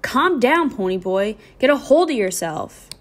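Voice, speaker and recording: A nervous teenage boy on the run speaks with urgent tension, read by a woman. His lines come hurried and worried. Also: medium pitch, close to an everyday voice.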